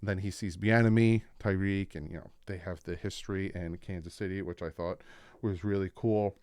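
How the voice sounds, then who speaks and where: A young man with a smooth, clear voice and a slightly low pitch recaps a football episode in casual reaction commentary. He tells it with animation and acts out what the players said. The sound is dry and close. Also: normal speed, dry recording. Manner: animated storytelling, acts out quotes. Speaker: sports reaction host.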